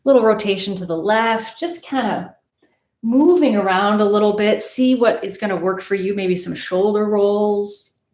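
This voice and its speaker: A woman leading a guided meditation as a yoga teacher, with gentle, unhurried guidance and soft pauses. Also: mid-range voice. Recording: roomy echo.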